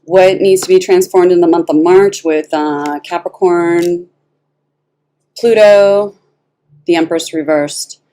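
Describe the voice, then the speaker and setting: A woman giving a casual tarot reading, animated and blunt, swearing freely and laughing often. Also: lowish voice, takes it slowly. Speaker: tarot reader.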